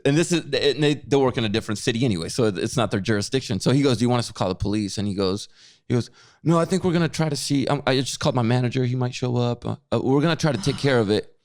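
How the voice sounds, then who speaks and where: Quick and mid-pitched, this podcast co-host tells a story in relaxed conversation. He's an animated storyteller who performs other people's lines and tends to repeat himself.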